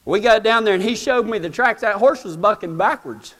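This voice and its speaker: A man's voice: high voice, a little fast, fairly bright tone. A man telling a humorous, self-mocking story in folksy rural speech to a live audience. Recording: long hall reverb.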